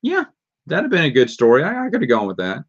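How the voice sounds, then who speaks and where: A man's voice: a little high, wildly swooping pitch, fast. A man with a Southern accent casually answering viewer questions on a live stream, reading out questions and rambling through his answers. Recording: dull lo-fi stream audio.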